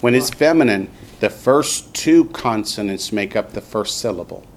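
A man's voice: lowish voice, animated, normal speed, a little hiss or hum. A man teaching a classroom language lesson, patiently repeating his students' answers before explaining.

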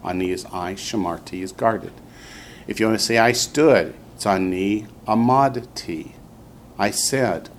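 A man's voice: lowish voice, slight background noise. A man teaching a classroom language lesson, patiently repeating his students' answers before explaining.

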